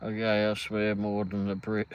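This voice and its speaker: A man's voice: lowish voice, monotone, unhurried, slight background noise, low-quality recording. A man in his fifties with an English accent, hosting a casual live stream, rambling and reading chat aloud. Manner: rambling, reads chat aloud, laughs often. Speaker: livestream host.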